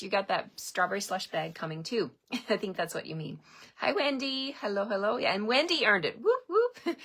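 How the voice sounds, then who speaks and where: A middle-aged Canadian woman hosts a stamping-demonstration livestream from home, recorded on a webcam or phone camera. Her voice is mid-range and a little bright, and she chats cheerfully, laughing often and greeting viewers by name.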